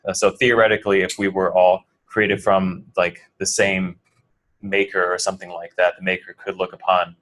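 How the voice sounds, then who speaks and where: Deep and level, with a fairly bright tone and moderate pace, the voice belongs to a coding instructor from New Jersey with an American accent. His classroom lecture is casual and wandering, peppered with fillers, restarts, and questions for the class.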